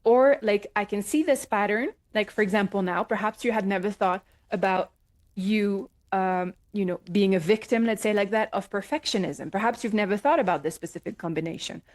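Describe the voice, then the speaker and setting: A middle-aged woman speaks as a life coach in a casual, reflective advice talk. Her voice sits at an ordinary middle pitch, and she pauses often, checking in with her listener in a gentle way. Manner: gentle, reflective, many "right?" and "um" fillers.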